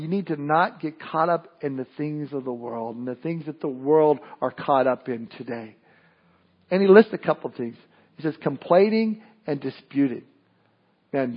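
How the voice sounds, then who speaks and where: A man's voice: mid-range voice, highs cut off. A male pastor preaching a sermon in a conversational way, often restarting and adding asides.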